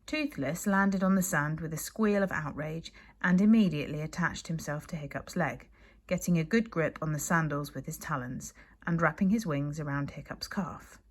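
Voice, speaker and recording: A woman from the UK, a primary school teacher, reading a children's book aloud to her class in a lively, expressive way. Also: deep voice, normal speed. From United Kingdom.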